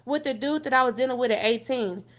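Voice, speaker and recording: A young woman talks through her own past. She is blunt and profane. She keeps pushing the story on with "so fast forward". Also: high-pitched, a bit bright. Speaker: guest telling her life story. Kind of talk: candid personal storytelling on a call-in show.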